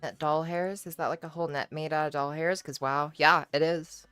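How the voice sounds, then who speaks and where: A woman livestreaming, chatting casually with her viewers and answering their messages in a relaxed, shy, giggly way with plenty of swearing. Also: deep voice, normal speed, clean tone, no room sound, faint music behind. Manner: reads and answers chat messages. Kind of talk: casual chat with stream viewers.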